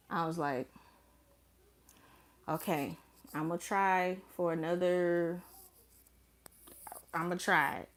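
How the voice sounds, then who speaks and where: A woman's voice: on the low side, slow, pauses often. A young woman telling a story to her vlog camera in casual chat, blunt and profane, acting out her own remarks with big swings in her voice. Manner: animated, blunt and profane, with dramatic quoted asides. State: pregnant. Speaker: vlogger.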